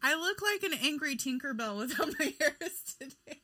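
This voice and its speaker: Giggly co-host, woman, bright voice with a high, swooping pitch, crude jokes. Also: animated, moderate pace, no room sound. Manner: giggly, crude joking, laughs constantly. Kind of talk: casual chat.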